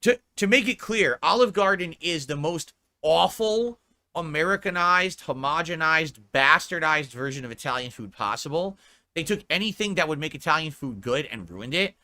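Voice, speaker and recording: A man's voice: on the high side, animated, moderate pace, pushed and bright. A man ranting on a live stream, reading chat comments aloud and answering them in a profane, exasperated way. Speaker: livestreamer.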